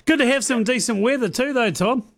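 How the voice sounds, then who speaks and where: A man's voice: very high voice, brisk. A man hosting a casual radio interview, easygoing and teasing. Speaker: radio host.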